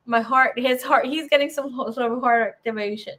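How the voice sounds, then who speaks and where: Young woman doing a chatty tarot reading, gets all teary and swears a lot, kinda high voice. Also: fairly quick, few pauses, fairly bright tone. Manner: emotional, swears, laughs and tears up. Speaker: tarot reader.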